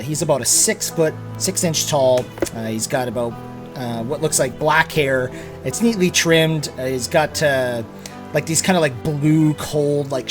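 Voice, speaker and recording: A man running a tabletop game as its game master. He describes the scenes in a casual, rambling way with plenty of fillers. His pitch is middling.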